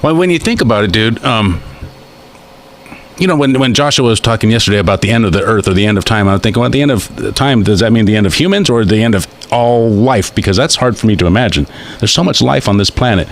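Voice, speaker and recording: A man's voice: fairly low pitch, lively intonation, quick pace. A man hosting a radio talk show, chatting loosely and reading news items aloud with stumbles and restarts.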